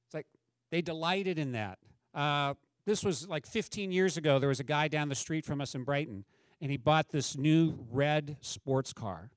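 A man's voice: a little high, normal speed, no room sound. A middle-aged man preaching a sermon as a pastor, talking in a conversational way and asking the congregation questions.

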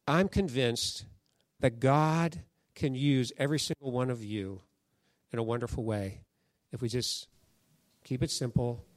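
A medium-pitched pastor delivers a sermon in a church sanctuary at a measured pace, captured in a dry, studio-quality recording. His storytelling is conversational, and he performs the quoted voices of the people in his stories.

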